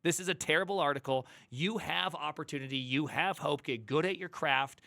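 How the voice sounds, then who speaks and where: A man's voice: a little high, a little fast, creaky, bright, forceful tone, dry recording, clean studio sound. A man streaming live, reacting angrily to an article in a heated rant full of stammering restarts. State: angry and upset.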